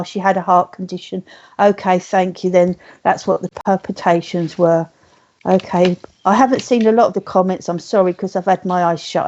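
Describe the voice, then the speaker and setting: Gentle woman, mellow medium. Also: medium pitch, muffled recording. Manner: gentle, soothing, relays messages slowly. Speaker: spiritualist medium. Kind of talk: live online mediumship reading.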